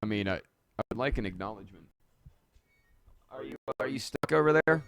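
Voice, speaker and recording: A man's voice: medium pitch, expressive, normal speed, a bit bright. A man hosting a casual live-stream monologue, rambling and jokey and poking fun at himself. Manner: rambling, jokey, self-mocking. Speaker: host. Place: dark home studio.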